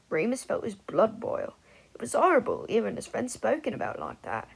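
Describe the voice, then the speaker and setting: Woman audiobook narrator, expressive, husky, fairly high voice. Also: normal speed, poor audio. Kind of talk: fan fiction audiobook narration.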